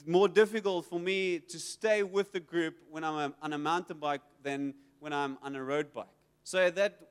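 A man's voice: fairly high pitch, smooth. A man preaching a sermon, telling stories with animation and acting out the prayers he quotes. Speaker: pastor. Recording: reverberant hall.

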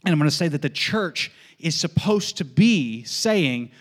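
A man's voice: a little high, animated, a little slow, breathy edge. Emphatic pastor, man with raised voice. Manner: emphatic, repeats questions and answers in a catechizing rhythm; folksy asides with light laughs. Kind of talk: sermon.

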